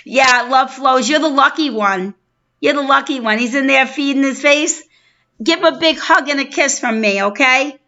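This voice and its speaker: Chatting effusively with viewers by name, a middle-aged New York woman with a New York accent hosts a casual live stream. She speaks at normal speed in a high voice with a sharp tone, captured in dull, lo-fi stream audio.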